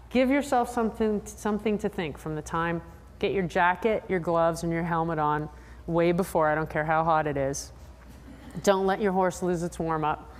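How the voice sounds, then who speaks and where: A woman's voice: on the low side, slight background noise. Woman lecturing in a reverberant hall. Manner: lively, checks in with the audience; acts out riders' and trainers' voices. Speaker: lecturer on rider fear. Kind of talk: conference lecture to an audience.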